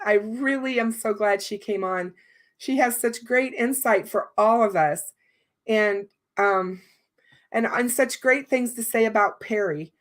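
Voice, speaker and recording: Chatty woman host with a worn voice. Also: fairly high pitch. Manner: chatty, warm thanks, many fillers. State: strained, worn voice. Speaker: livestream host. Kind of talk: casual livestream chat.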